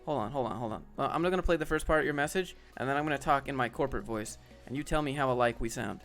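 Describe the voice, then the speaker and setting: A man's voice: mid-range voice, very fast, fairly bright tone, faint music behind. Casual man hosting a live stream. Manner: casual, joking, talks to chat by name. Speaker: host.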